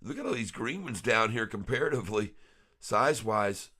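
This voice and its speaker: A man giving live stock market commentary, excitable and laughing often, breaking into rhyming hype riffs. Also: fairly low pitch, moderate pace. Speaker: stock trading vlogger.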